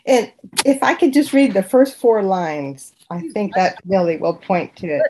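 A woman from a meditation group sharing a memory, gentle and hesitant, laughing softly. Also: mid-range voice, expressive, a little slow, breathy edge. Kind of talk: casual sharing.

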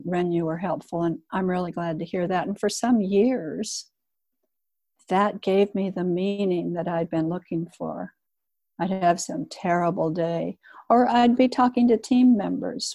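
An older woman who works in hospice speaks candidly and earnestly about her work in a reflective, storytelling way. Her voice is lowish with a dark tone, recorded with no echo.

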